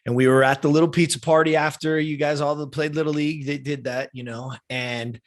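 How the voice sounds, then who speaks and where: A man's voice: a little high, steady tone, a little fast. A man of fifty, a podcast guest, telling a personal story in a heartfelt, casual way, often checking in with "right?" and "you know?". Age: 50s.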